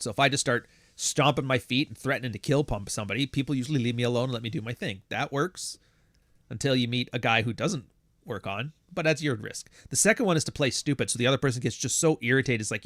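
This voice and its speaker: A fast-talking man with a medium-pitched, fairly bright voice runs a casual livestream, going through super chats and replying with blunt, profane rambling. He mimics other people's voices, and the sound is clean studio audio with no room sound.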